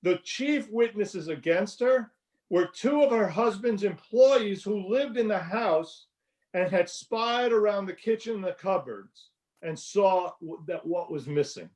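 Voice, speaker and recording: Man, high-pitched voice, conversational class leader calling on readers. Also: lively intonation, unhurried, a little mellow. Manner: conversational, calls on readers by name. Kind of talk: teaching a class.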